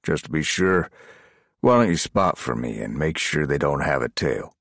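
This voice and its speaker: Narrator plays an easygoing male team leader: husky, deadpan, lively. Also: rumbling low, moderate pace, no room sound, clean studio sound, exaggerated voice. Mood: wry. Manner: deadpan humor.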